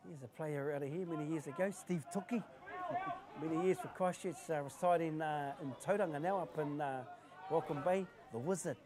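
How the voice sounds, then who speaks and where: A man commentating a live touch rugby match, chatty and quick to laugh. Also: fairly high pitch. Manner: chatty, laughing, excitable calls. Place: outdoor sports field. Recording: outdoor crowd noise.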